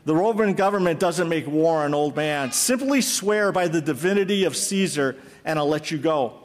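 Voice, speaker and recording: A preacher voicing a blustering Roman proconsul. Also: male voice, on the high side, moderate pace, close to an everyday voice. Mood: demanding. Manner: demanding, blustering threats. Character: stern, anxious Roman proconsul, male. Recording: long hall reverb.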